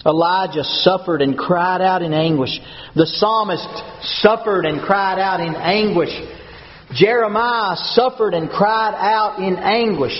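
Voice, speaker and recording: A man preaching a sermon as pastor, with a measured, solemn and emphatic cadence. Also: a little high. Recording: dull sound with long hall reverb.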